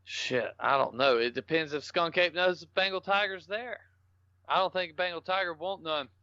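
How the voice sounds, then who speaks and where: Bright-voiced man telling stories. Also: on the high side, normal speed, no echo. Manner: rambling, salty, jokey. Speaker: guest. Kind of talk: casual storytelling interview. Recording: dull lo-fi podcast audio.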